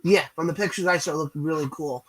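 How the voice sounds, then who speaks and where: A man's voice: on the high side, fairly even intonation, fast talker, a bit bright, low-quality recording. A man co-hosting a wrestling podcast who chats casually and talks straight to the listeners. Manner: chatty, addresses listeners as folks. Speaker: podcast co-host.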